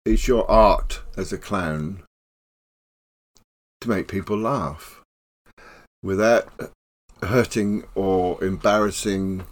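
An older man telling stories at an unhurried pace, his voice rising and falling in animated swings. He laughs often and breaks into quick impressions as he talks. The delivery is casual and full of play. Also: on the low side. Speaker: professional clown, guest. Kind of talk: casual storytelling interview.

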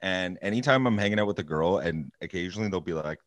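Rambling young man with a very low voice. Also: lively intonation, fast, no room sound. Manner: rambling, self-mocking, many fillers. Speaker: podcast co-host. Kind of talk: casual chat.

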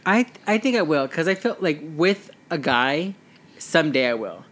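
A man's voice: a little high, very animated, moderate pace, fairly bright tone. A young adult man co-hosting a casual chat, talking earnestly and rambling with many fillers. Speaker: podcast co-host.

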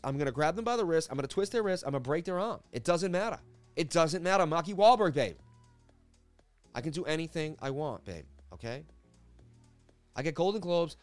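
A man's voice: a little high, lively intonation, a little fast, soft background music, pitched above the performer's own voice, natural voice. A man doing a cocky Boston movie-star brag. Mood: cocky bragging. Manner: swaggering, bragging, calls listener babe. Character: boastful male tough-guy movie star, cocky.

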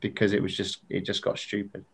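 A man's voice: deep voice, completely flat delivery, a little fast, vocal fry, husky. A man, a podcast guest who tells long, rambling stories in casual chat and laughs as he talks. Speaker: podcast guest, former football show presenter.

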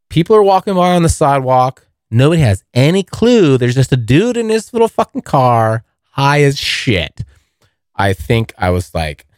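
This podcast host, a young man, tells a rambling, profanity-laden story to listeners he calls bros, recording in a basement near a furnace. His voice is medium-pitched and a little mellow, with studio-quality sound and no echo.

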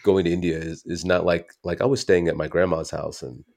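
US comedian with a deep low voice, chatty and self-correcting as he tells stories. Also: fairly even intonation, fairly quick, gravelly, a little mellow. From United States. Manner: rambling, self-correcting storyteller. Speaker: comedian guest. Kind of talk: casual interview chat.

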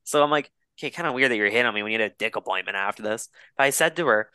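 A man's voice: medium pitch, animated, very fast, sharp tone, smooth, no room sound. A man in his twenties, a podcast co-host, telling a rambling, profane dating story in casual chat. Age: 20s.

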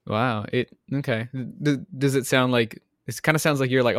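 A Canadian man co-hosting a comics podcast, chatting in a rambling, self-deprecating way with plenty of fillers. His pitch is mid-range, and he sounds dry and close to the mic. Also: normal speed, a bit bright, dry recording. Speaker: podcast co-host. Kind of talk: casual comedic podcast chat.

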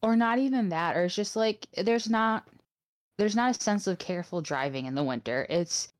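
A woman from Wisconsin co-hosting a casual podcast, complaining in an exasperated, animated way. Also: mid-range voice, normal speed. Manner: animated, exasperated, laughing between phrases. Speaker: podcast co-host. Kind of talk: casual chat.

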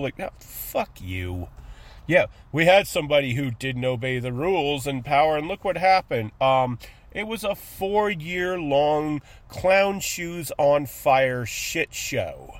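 A man's voice: medium pitch, sing-song, a little slow. A man hosting a casual podcast, ranting sarcastically and with lots of profanity. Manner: profane, sarcastic, acts out mocking voices. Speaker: podcast host.

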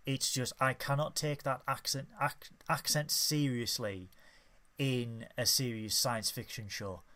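A man's voice: mid-range voice, steady tone, a little slow, bright, forceful tone. A man co-hosting a podcast in casual chat, jokey and playful. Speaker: podcast co-host.

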